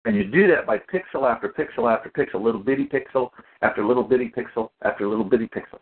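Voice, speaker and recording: A man telling stories in a casual community call, animated and acting out the people in them. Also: medium pitch, fast, slightly rough. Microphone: phone or call audio. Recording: tinny phone line.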